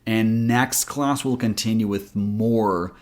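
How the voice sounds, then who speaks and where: Slow, careful male accent coach. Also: fairly low pitch, darkish tone. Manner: slow, careful explanation with spoken examples. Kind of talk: pronunciation lesson.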